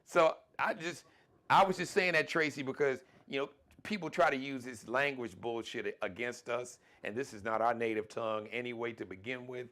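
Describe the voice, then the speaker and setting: American guy hosting a live talk show, mid pitch, gets emphatic, stumbles and repeats words. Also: normal speed, fairly bright tone. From United States. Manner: emphatic, repeats words when starting a point. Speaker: host.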